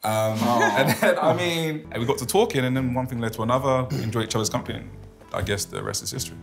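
Quick-talking chill guy telling how he met her, music under it. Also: medium pitch, creaky. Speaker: contestant. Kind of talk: telling a story to a group.

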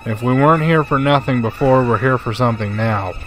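A young gaming streamer with a medium-pitched, slightly fast, fairly bright voice chats casually while playing, reading his viewers' messages aloud. He's laid-back and talkative, saying "bro" a lot.

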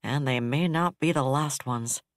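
A man voicing a bitter, level-headed male defense director who speaks flatly and harshly. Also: mid-range voice, moderate pace, no echo, studio quality, natural voice.

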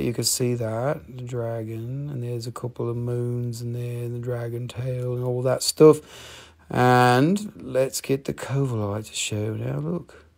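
A man hosting a live crystal sale, talking in an excitable, profane way with sudden jumps in pitch. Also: vocal fry. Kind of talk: excited live sales chat.

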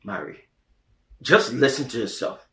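A defensive cornered husband. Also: male voice, mid-range voice, big pitch swings, a little slow, bright, forceful tone. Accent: Liberian English. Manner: defensive, pleading. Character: evasive married man caught between wife and mistress. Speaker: married husband. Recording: echoey room.

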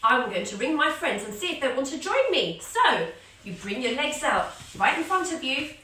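A woman's voice: high voice, big pitch swings, moderate pace, bright, forceful tone, far from the mic, a little hiss or hum. A woman teaching a children's yoga class, telling a story as she guides the poses, playful and sing-song with animal sounds. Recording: echoey room, voice a little off-mic.

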